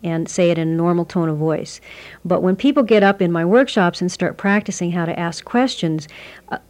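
A woman with a slightly low voice explains her approach to communication in a steady, measured way. She sounds like a workshop teacher, building her points from simple everyday examples. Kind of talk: explanatory interview answers.

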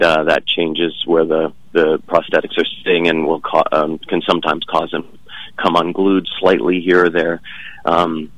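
A man's voice: low-pitched, a bit bright, rough recording. A man being interviewed about his stage work, speaking casually with many fillers and restarts.

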